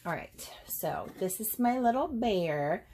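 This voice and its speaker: A woman's voice: mid-range voice, animated, slow, dark tone, a little hiss or hum. A woman, a doll collector chatting casually and rambling a little as she opens a parcel on camera. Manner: chatty, rambling, folksy with "y'all". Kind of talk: casual unboxing chat.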